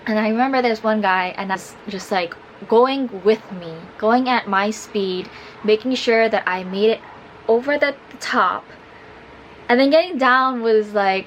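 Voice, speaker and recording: Woman, vlogger, casual storytelling, chatty, filler-heavy, slightly high voice. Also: a little hiss or hum, poor audio.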